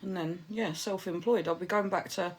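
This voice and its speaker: A woman's voice: fairly low pitch, steady tone, normal speed, slight background noise. A woman, a livestreamer and new mother, chatting casually and affectionately with her viewers from home while reading out their messages.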